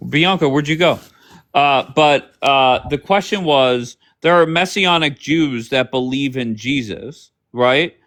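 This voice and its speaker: A man's voice: mid-range voice, takes it slowly, fairly bright tone. A man hosting a casual live stream, asking rambling questions with many fillers.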